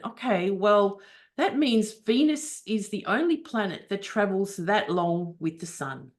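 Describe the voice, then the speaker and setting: This medium-pitched woman walks through an astrology chart step by step in a webinar held over a video call, often using fillers and restarting her sentences.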